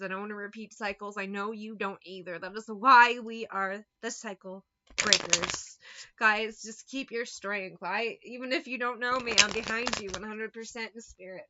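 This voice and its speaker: A woman's voice: on the high side, bright, forceful tone, dull audio, a little hiss or hum. A woman giving a channeled tarot reading, emphatic and encouraging, swearing casually as she talks. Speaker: tarot reader.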